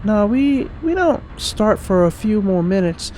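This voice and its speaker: A man voicing a shy young woman who produces at a small TV station, awkward and self-deprecating, in a strained falsetto attempt at a female voice. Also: big pitch swings, measured pace, mellow, a little hiss or hum, poor audio. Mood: polite.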